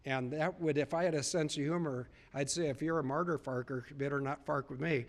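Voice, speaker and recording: A man's voice: on the high side, steady tone, a little fast. A man speaking to a live audience, earnestly retelling conversations with emphatic repetition. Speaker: public speaker. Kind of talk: storytelling speech to a live audience.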